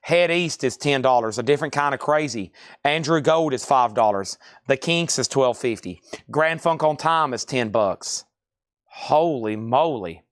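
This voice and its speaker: A man with a mid-range, fairly bright voice runs a live-streamed record sale, listing items and prices quickly between chatty asides. The recording is dry and studio-clean.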